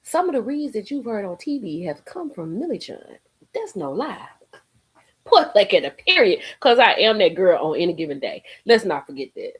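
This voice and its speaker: Sassy, animated woman ranting on a livestream. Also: mid-range voice, normal speed, slightly rough. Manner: animated, sassy and profane, laughs often. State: a little tipsy from drinking. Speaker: livestream host. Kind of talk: casual live-stream commentary.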